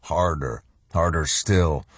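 Deep, slow-reading male narrator. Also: breathy edge, dry recording. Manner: measured, deliberate storytelling. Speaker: audiobook narrator. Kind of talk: scripted narration.

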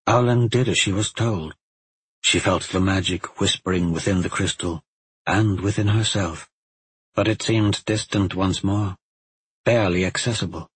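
A man with a low, husky voice narrates a fantasy audiobook, slow and hushed to build suspense. The recording is close and dry, with no room sound. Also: dry recording, poor audio.

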